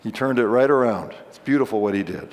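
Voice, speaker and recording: Pastor preaching in a reverberant church. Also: male voice, mid-range voice, fast talker, darkish tone. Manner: conversational, explains scripture with casual asides. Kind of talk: sermon. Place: church sanctuary.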